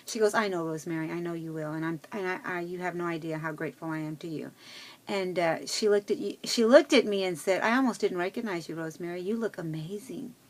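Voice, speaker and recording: A middle-aged woman vlogger chats fast to her viewers in a lowish voice. Her personal vlog is casual and rambling, with lots of fillers and restarts.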